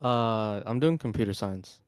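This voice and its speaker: A man in his twenties, a student, talking in a deadpan monotone in casual voice-chat banter. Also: fairly low pitch, unhurried, clean tone, dry recording, studio quality. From United States. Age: 20s.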